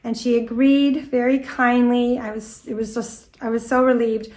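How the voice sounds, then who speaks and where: Lively American woman telling a story. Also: a little high, moderate pace. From United States. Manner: lively anecdotal storytelling, with quoted dialogue. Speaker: guest speaker on antique doll history. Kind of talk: storytelling presentation.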